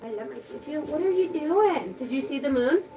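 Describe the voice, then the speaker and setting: Woman, 30s, psychic medium on a casual live reading; high-pitched, rambling and profane, loud bursts then soft asides. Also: lively intonation, moderate pace, loud music behind the voice.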